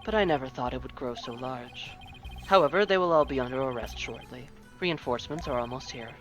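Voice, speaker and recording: A man's voice: medium pitch, fairly quick, faint music behind, close to an everyday voice. A man voicing a solemn young male prosecutor monk in a grave, formal manner during a let's play.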